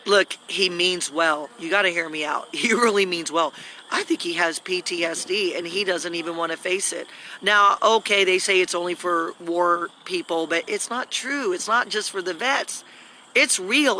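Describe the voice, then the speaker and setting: A woman's voice: medium pitch, pushed and bright, slight background noise. A woman rambling and scolding through a live video at home, recorded on a phone. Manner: agitated, scolding, talks in long rambling runs.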